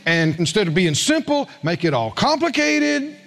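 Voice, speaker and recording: A middle-aged preacher with a drawl delivers a sermon in a very high voice. His pitch swings widely as he tells stories and puts questions to the congregation. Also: moderate pace, gravelly. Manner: animated storytelling preacher, asks the congregation questions. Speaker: pastor.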